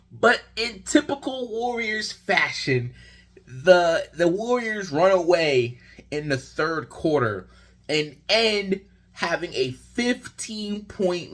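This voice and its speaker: A young sports vlogger rambles through a casual basketball recap, sounding exasperated the whole way. His slightly husky, somewhat bright voice swings widely up and down in pitch as he tells the story.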